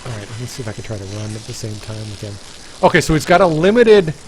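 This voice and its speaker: A man hosting a livestream, talking casually and reacting excitedly while he plays a game. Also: medium pitch. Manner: excitable, quick to react and laugh. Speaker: livestream host playing a game. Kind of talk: casual stream commentary. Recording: noisy stream audio.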